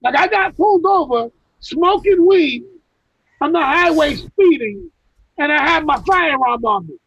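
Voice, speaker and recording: High, gravelly man telling rough stories. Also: lively intonation, unhurried, a bit bright, dull audio. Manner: profane, rambling storytelling with many restarts. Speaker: guest recounting personal stories. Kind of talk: casual chat on a video call. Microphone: video call mic.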